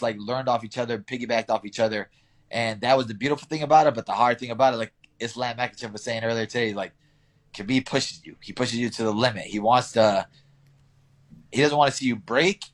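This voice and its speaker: A young man in a relaxed interview, talking through his training and stories with easy laughs. His voice sits at an ordinary middle pitch. He slips into quick impressions of people as he tells it. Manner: relaxed, laughs often, storytelling with acted quotes. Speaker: interviewed fighter. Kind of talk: casual interview answers.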